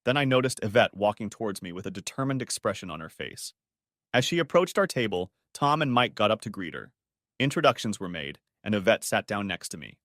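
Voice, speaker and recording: A man narrating a story audiobook in a steady, expressive reading style. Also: on the low side, brisk, no echo, studio quality.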